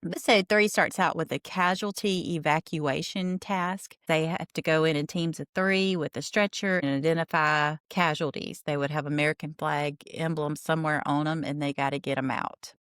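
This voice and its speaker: A woman's voice: deep voice, smooth, no echo, clean studio sound. Chatty woman recapping a reality show. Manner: chatty, animated, quick laughs, acts out quotes. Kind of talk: casual TV recap commentary.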